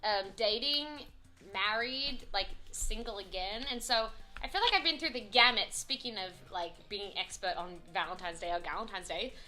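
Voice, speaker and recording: A woman's voice: mid-range voice, normal speed, sharp tone, soft background music. A woman, hosting a casual, joking food vlog chat. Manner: chatty and joking, with many "like" fillers. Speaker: vlog host.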